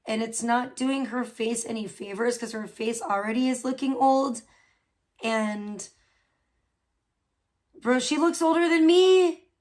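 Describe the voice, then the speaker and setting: A woman livestreaming from home in casual chat, gossiping and swearing freely while scolding her pet cat. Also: fairly high pitch. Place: at home indoors.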